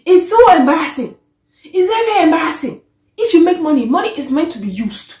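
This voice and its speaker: A woman, vlogging an animated, exasperated rant to camera that often trails off. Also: very high voice, a little fast. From Africa. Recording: echoey room.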